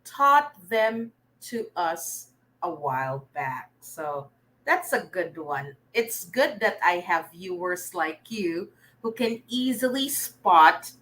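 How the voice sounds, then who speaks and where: A young Filipino woman teaching a live online reading lesson, warmly praising her viewers as they answer. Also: fairly low pitch. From Philippines. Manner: encouraging, lively, praising viewers often.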